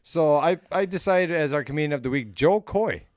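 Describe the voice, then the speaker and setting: A man's voice: fairly high pitch, expressive, a little fast, no echo, clean studio sound. A man hosting a podcast, chatting in an easygoing, casual way and often restarting his sentences. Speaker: podcast host.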